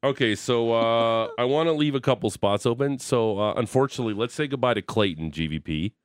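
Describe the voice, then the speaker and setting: A man hosting morning sports radio, upbeat and quick to laugh while taking calls. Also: mid-range voice, smooth, no room sound, clean studio sound. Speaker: radio host.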